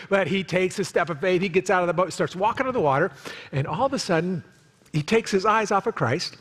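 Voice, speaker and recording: Man, pastor, lively sermon, fairly high voice, long church reverb. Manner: animated, jokey, acts out quoted voices. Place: church sanctuary.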